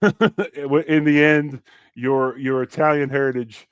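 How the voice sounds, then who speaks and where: A man's voice: a little high, little pitch movement, slow, smooth, dry recording. A middle-aged man who once played on the line, hosting a casual sports podcast, plugging the show and then trading locker-room memories. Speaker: podcast host and former lineman.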